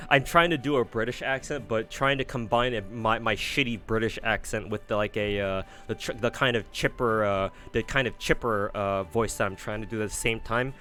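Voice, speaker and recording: A man's voice: on the low side, moderate pace, hardly any pauses, bright, forceful tone. A man casually commenting on a game he reads aloud, laughing at himself and swearing freely. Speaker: streamer reading a game aloud.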